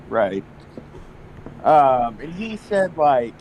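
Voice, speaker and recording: A man's voice: sits high, sing-song, measured pace, slight background noise, rough recording. A young man telling a personal story in a casual podcast chat, rambling with lots of fillers and restarts. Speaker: guest.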